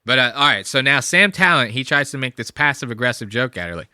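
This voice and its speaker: A young man hosting a reaction video in casual commentary, talking in a loose, profane, rambling way while a bit high. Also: lively intonation, fast talker, few pauses, bright, forceful tone, clean tone. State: high on marijuana.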